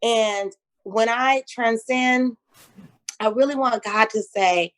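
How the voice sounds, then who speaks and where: A woman's voice: fairly high pitch, slow pace. A middle-aged woman who tells stories in a casual interview and acts out the voices she quotes. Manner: storytelling, animated, acts out quotes. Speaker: guest entrepreneur.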